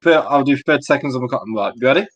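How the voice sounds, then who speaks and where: A stream host chatting casually and quickly setting up a voice game. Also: medium pitch, animated.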